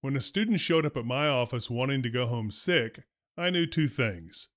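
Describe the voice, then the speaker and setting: A man, a former school principal, tells stories from his career in a wry, deadpan first-person narration. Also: mid-range voice, normal speed, dry recording. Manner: dry, wry humor, deadpan delivery.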